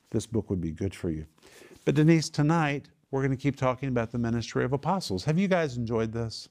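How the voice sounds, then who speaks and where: A man's voice: mid-range voice, expressive, fairly quick, darkish tone. A man teaching the Bible to a small home group, emphatic and fond of repeating key phrases and quizzing his listeners. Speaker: Bible teacher and TV ministry host.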